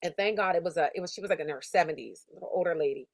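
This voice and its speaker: A woman's voice: fairly low pitch, rapid-fire, dry recording. A woman sales coach giving a motivational lesson in an emphatic, conversational, slangy storytelling manner. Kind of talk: motivational teaching talk.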